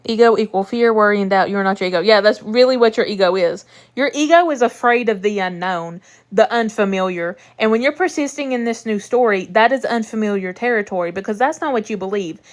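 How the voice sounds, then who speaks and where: A woman's voice: mid-range voice, brisk, hardly any pauses. A young woman coaching viewers through a live stream in a chatty, reassuring way, swearing now and then. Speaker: manifestation coach.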